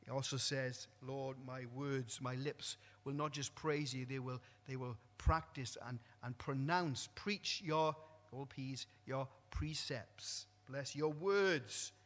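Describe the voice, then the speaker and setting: Bright-voiced man preaching in an echoing hall. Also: steady tone, slow pace. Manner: swings from loud exclamations to quiet, low asides. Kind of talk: sermon. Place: church hall. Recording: long echo of a church hall.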